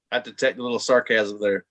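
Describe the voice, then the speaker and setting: Man, mid-pitched voice, casual video call banter, teasing jokes. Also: steady tone, normal speed, fairly bright tone. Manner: teasing, joking. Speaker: guest friend.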